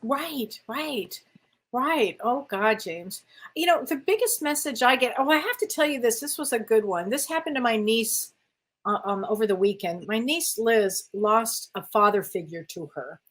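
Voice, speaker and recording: A woman shares her own spirit stories in a casual conversation. Her voice sits a bit above average. She keeps affirming her partner with quick yeses. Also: a little high, animated. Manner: warm, affirming, frequent yeses. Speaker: medium, co-host.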